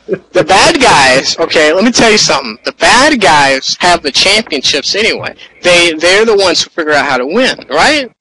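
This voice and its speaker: High, bright-voiced excitable wrestling announcer. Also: male voice, normal speed, slight background noise, rough recording. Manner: excitable, repeats himself, talks over his partner. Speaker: wrestling commentator. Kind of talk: play-by-play commentary.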